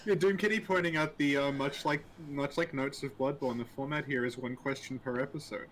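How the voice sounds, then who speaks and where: A man's voice: mid-range voice, fairly even intonation, brisk, fairly bright tone, slight background noise. A man co-hosting a casual live-stream Q&A, rambling and hesitant with dry humor, greeting viewers as he goes. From Australia.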